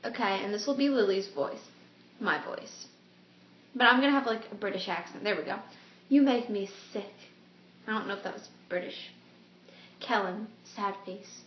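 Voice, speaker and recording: A woman's voice: medium pitch, fairly even intonation, moderate pace. A woman vlogger chatting casually and mocking herself in a giggly way, in a room at home. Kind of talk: casual vlog chat. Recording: roomy dull home video with faint hiss.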